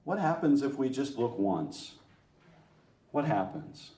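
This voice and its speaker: A man speaks to a church group with a lively, joking manner, often teasing himself and turning questions to the listeners. His voice sits at a middle pitch. The room around him rings with a roomy echo. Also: slow, recorded from a distance. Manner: lively, joking, self-mocking, asks the audience. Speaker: parish speaker. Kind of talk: talk to a women's church group.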